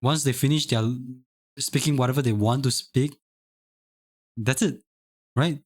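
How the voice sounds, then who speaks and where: A young man chats on a live stream in a loose, rambling way. He restarts phrases often and laughs easily. His voice sits at a middling pitch. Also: a little slow. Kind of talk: casual chat.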